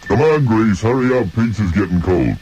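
A man's voice: on the low side, animated, normal speed, lo-fi sound, music in the background, pitched below the performer's own voice, close to an everyday voice. A man voicing a gluttonous male monster under the bed, greedy and demanding, in a radio comedy sketch. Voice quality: gravelly. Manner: demanding, greedy, smacking over food.

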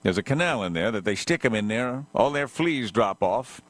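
A man's voice: mid-range voice, animated, moderate pace. A man hosting a comic radio show, rambling and ranting in jokes and talking to his dog. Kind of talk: comic radio talk with a sung parody.

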